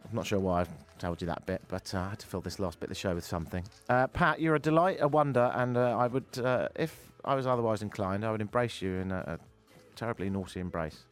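A man's voice: on the low side, quick pace, faint music behind. A man hosting a talk radio show, chatting casually in a joking, teasing way into a studio microphone.

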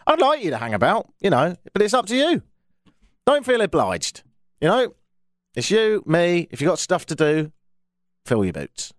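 A man's voice: high voice, huge pitch swings, moderate pace, long pauses, dry recording. An English man hosting a radio talk show from a studio, with dry, self-mocking banter. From England. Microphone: studio microphone.

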